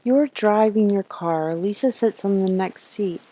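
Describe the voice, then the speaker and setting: Woman streamer reading game text aloud, unhurried pace, darker tone. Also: mid-range voice, warm tone, rough recording. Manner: reads the text slowly, with asides and laughs.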